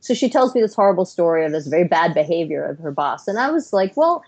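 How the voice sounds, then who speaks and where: A woman's voice: on the low side, animated, fast, darkish tone, lo-fi sound. Earnest middle-aged woman psychiatrist explaining. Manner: earnest, explanatory, speaks in long flowing runs. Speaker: psychiatrist guest. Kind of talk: podcast interview.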